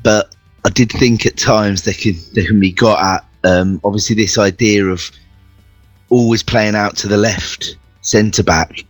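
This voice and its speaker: A man giving football predictions on radio, measured and hesitant, with frequent fillers. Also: on the low side, fairly even intonation, no room sound, faint music behind. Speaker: football pundit. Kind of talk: casual radio chat.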